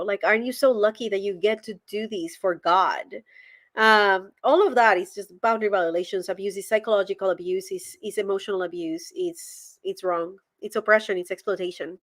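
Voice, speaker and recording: A woman from Colombia with a Colombian Spanish accent, a former pastor in casual conversation, acting out quoted dialogue as she tells stories. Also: medium pitch.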